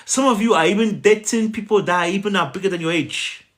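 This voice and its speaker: A man coaching viewers on a live stream in a preachy, animated way, often checking in with "right?". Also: high voice, quick pace. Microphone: phone.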